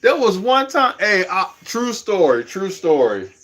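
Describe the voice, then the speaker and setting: Man, casual livestream chat, rambling, chuckles a lot, a bit high-pitched. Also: big pitch swings, measured pace, a bit bright.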